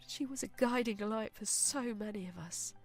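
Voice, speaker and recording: A woman voicing a tearful friend who speaks softly and tenderly at a funeral. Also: mid-range voice, moderate pace, soft background music, lightly acted. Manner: soft-spoken, tender.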